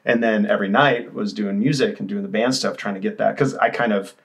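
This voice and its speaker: Man, thirties, low gravelly voice, candid rambling storyteller, podcast guest. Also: brisk. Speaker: musician guest. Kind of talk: casual storytelling interview.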